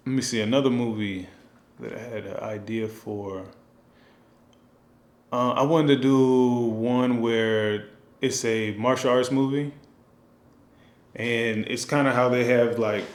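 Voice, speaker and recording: A man's voice: mid-range voice, slight background noise. Rambling man in an echoey room. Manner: rambling, with many fillers and restarts. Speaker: film director. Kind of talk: casual thinking-aloud monologue.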